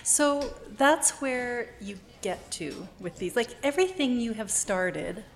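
A woman hosting a podcast interview, encouraging and supportive with quick asides. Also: on the high side, animated, gravelly. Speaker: podcast host. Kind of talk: casual interview chat.

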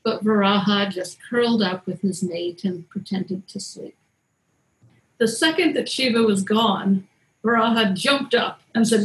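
Playful and dry-humored, the storyteller recounts a myth in the relaxed manner of a chat among friends on her podcast. Her mid-range voice moves at a measured pace, though the audio is poor.

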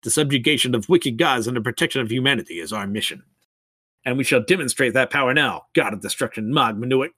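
A man's voice: mid-range voice, fast talker, fairly bright tone, breathy edge, no echo. A man voicing a stern male commander of a holy order of knights, speaking in a solemn, commanding way.

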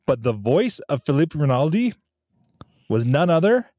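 A man's voice: on the high side, big pitch swings, moderate pace, mellow, dry recording, clean studio sound. A man hosting a casual podcast, wrapping up the episode and previewing the next one. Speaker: podcast host. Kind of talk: casual chat.

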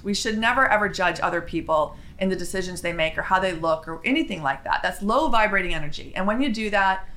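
A woman vlogger telling a spiritual story in a chatty, animated way, with quick asides. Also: medium pitch, a little hiss or hum.

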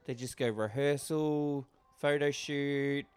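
A man's voice: medium pitch, fairly even intonation, slow, darkish tone, clear, resonant tone. A man chatting casually, describing what happens on screen while watching a movie with a friend. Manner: narrates the on-screen action. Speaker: movie commentator. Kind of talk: casual movie commentary chat.

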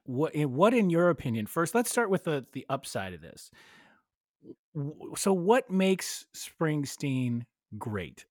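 A man's voice: on the high side, very animated, takes it slowly, a little mellow, dry recording, clean studio sound. A man hosting a casual podcast chat, asking curious, wry questions.

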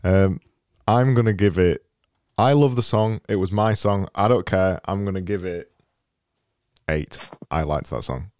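A man's voice: deep voice, unhurried, darkish tone, clean tone, no echo, clean studio sound. A man hosting a casual chat and scoring songs in a playful, teasing way. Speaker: host.

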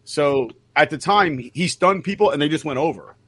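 A young man co-hosting a casual podcast, telling animated, profane stories and acting out the voices in them. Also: on the high side, moderate pace. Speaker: podcast co-host. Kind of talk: casual chat, storytelling.

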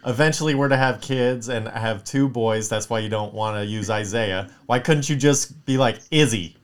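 A man's voice: medium pitch, moderate pace. A man co-hosting a casual podcast chat, joking, swearing a lot and acting out the people he quotes.

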